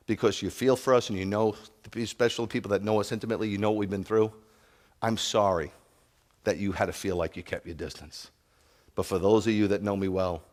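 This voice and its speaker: A man delivering a sermon as a rabbi. His voice sits on the low side. He talks earnestly and personally, sometimes dropping to a near-hush and sometimes rising to a sharp, loud rebuke. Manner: earnest, shifting from soft confiding to loud scolding.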